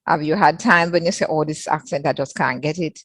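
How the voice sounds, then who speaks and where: A woman's voice: deep voice, a little fast, a bit bright. A woman hosting an interview, affirming and echoing her guest's answers. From Jamaica. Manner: affirming, repeats phrases, many backchannels. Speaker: interviewer host.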